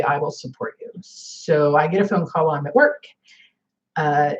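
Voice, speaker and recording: Forties woman vlogger, casual rambling chat, low-ish voice, muffled recording. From northern United States. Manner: chatty, rambling, many fillers.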